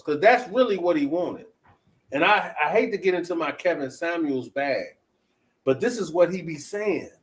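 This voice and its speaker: Man, talk show host, slow unhurried delivery, slightly high voice, casual chatty commentary. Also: poor audio. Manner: chatty, asks listeners questions.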